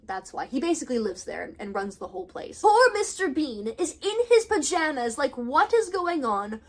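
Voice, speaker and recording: A young adult woman telling a personal story in a storytime vlog, animated and dramatic in her retelling. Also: fairly high pitch. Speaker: storytime vlogger.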